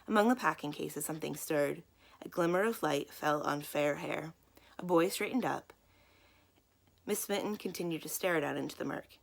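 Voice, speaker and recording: A woman's voice: low voice, normal speed, gravelly. A woman librarian reading a children's novel aloud, giving the characters their own voices. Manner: acts out the characters' lines in voices. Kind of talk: children's book read-aloud.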